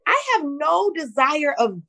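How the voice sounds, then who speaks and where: Woman, middle-aged, higher voice, lively storyteller, acts out quotes. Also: a little slow, vocal fry. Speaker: guest entrepreneur. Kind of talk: casual interview chat.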